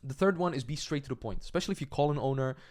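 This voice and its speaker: A young man coaching on cold calls in a direct, conversational lesson, his voice pitched in an ordinary middle range. He checks in often with short questions and acts out sample phone lines as he goes. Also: animated, very fast, a little mellow. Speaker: agency coach. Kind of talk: sales training lesson.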